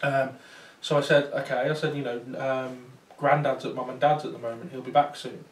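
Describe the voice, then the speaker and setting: A male paranormal investigator tells a small audience a chatty story, full of fillers and restarts. His mid-range voice is flat and a little fast. The sound is roomy and picked up from a distance.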